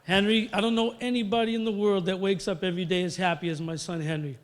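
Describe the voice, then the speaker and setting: A man's voice: high-pitched, fairly even intonation, fast talker, big-room sound. A middle-aged man gives an acceptance speech. He tells stories conversationally, with fillers, and acts out the quotes. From Massachusetts. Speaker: hall of fame inductee.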